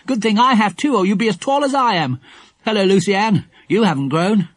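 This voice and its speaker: A man's voice: high voice, moderate pace, no room sound, voice pushed up. A man voicing a cheerful, teasing schoolboy in a storybook. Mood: jovial. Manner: jovial, teasing.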